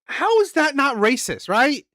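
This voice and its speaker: A man's voice: extremely high pitch, big pitch swings, unhurried, pushed and bright, no echo, studio quality. A man hosting a reaction channel, talking casually in a rambling way, repeating words and asking "right?" often.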